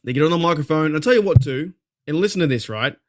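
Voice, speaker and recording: A man's voice: fairly high pitch, expressive, quick pace. A man with an Australian accent hosting a casual fan talk show, fired up and rambling, swearing freely as he vents. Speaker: podcast host.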